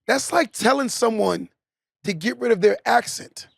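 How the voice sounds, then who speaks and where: Gravelly high-voiced male podcast host. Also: normal speed, a bit bright, no echo, clean studio sound. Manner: preachy, repeats "right?" as a tag. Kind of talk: motivational monologue.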